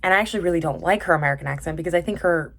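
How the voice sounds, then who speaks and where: A woman's voice: on the low side, rapid-fire, a bit bright. A young woman vlogging casually about dramas she has watched, chatty and tangent-prone, with lots of fillers and self-corrections. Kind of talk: casual rambling chat.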